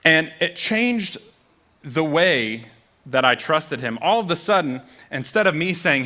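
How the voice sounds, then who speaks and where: A man's voice: on the high side, lively intonation, normal speed, bright, forceful tone. A young man giving a sermon as a guest preacher, telling a self-deprecating, humorous story from his school days. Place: church auditorium.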